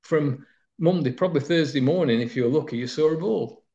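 A man's voice: a little high, a little fast, mellow. A man, recalling his footballing days in a rambling, anecdotal interview with many fillers. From Nottinghamshire, England. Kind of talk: reminiscing interview. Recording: slightly dull lo-fi sound.

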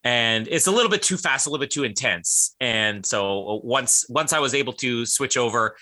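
A male co-host in a relaxed online chat, talking in an animated way and laughing between phrases. His voice is very bright and sharp, and his pitch moves a lot. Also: normal speed. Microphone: video call.

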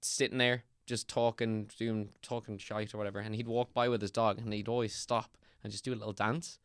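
A young Irish man, an actor, chatting casually and telling stories in an animated, rambling way with lots of fillers and restarts. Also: on the low side, a little fast, clear, resonant tone, no echo, clean studio sound. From Ireland. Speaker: actor, guest. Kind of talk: casual podcast chat.

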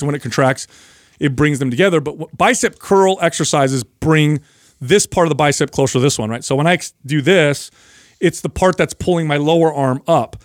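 A man co-hosting a casual fitness chat, telling stories and explaining exercises with lively energy. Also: fairly high pitch, no room sound, clean studio sound. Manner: animated storyteller, explains while demonstrating. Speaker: podcast co-host.

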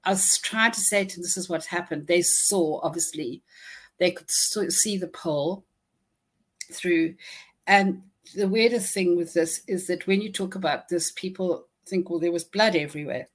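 A woman recounting a personal ordeal in an interview, halting and restarting often, audibly shaken but holding herself together. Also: lowish voice. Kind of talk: emotional first-person storytelling.

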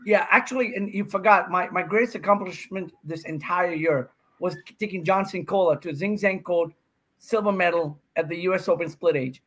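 A man's voice: high-pitched, normal speed. A man in his fifties from India, a podcast guest telling rambling, joking stories in casual chat. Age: 50s. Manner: excitable, joking, rambling storyteller. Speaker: podcast guest, pickleball pro.

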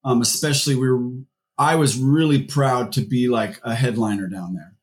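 A man's voice: mid-range voice, moderate pace. A man, a musician guest, talking casually in an interview and rambling through his stories with lots of fillers and restarts. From Seattle area.

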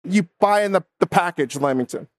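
A man hosts a casual chat in an upbeat, teasing way and laughs easily. His voice is high for a man. The mic sound is close and dry. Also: animated, a little fast, no echo. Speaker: host.

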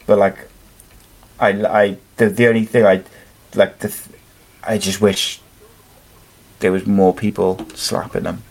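A man's voice: fairly low pitch, steady tone, normal speed, darkish tone. A man from the UK hosting a casual wrestling podcast, rambling through stories with lots of fillers. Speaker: podcast host. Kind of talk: casual chat.

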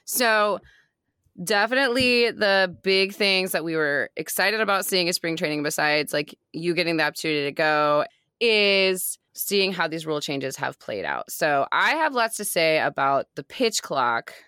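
A woman in her thirties co-hosting a podcast in excitable casual chat. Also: on the low side, normal speed, clean tone, no room sound, clean studio sound. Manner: excitable, animated, swears casually. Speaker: podcast co-host.

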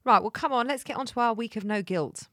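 A woman co-hosting a podcast, chatty and bubbly in quick banter. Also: a little high, fairly bright tone, no echo, clean studio sound. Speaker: podcast co-host. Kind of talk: casual chat.

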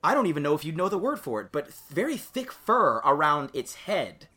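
A man's voice: a little high, sing-song, fairly quick, bright, forceful tone. A man narrating as game master in a rambling, laughing way.

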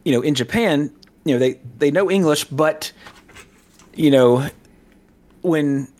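A man's voice: a little high, measured pace, a little mellow. A man from the American South in casual podcast chat, rambling with many fillers, restarts and asides. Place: Southern California.

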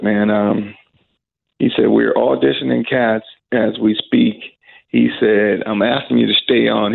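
A man's voice: medium pitch, creaky. A man in an interview, telling a story animatedly and acting out the quoted dialogue. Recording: phone-like narrow band with faint music.

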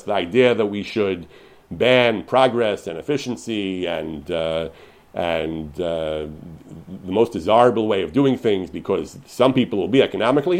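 A man giving an unscripted lecture on religious law, paraphrasing sources with lively emphasis and frequent restarts. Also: on the low side, normal speed. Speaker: lecturer on Jewish law and history.

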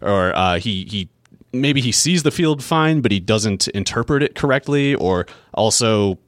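A man talking sports in a casual, analytical way, his voice pitched on the low side. He thinks aloud in long, run-on stretches and often backs up to restart a sentence. The sound is close and dry, with no room echo. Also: expressive, unhurried. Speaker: fantasy football podcast co-host.

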